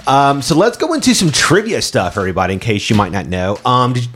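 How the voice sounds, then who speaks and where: A man's voice: mid-range voice, fairly quick, slight background noise. A man hosting a casual podcast, his voice rising and falling widely as he talks. He jokes, swears freely and keeps the chat moving. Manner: swearing, joking, animated. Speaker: podcast host.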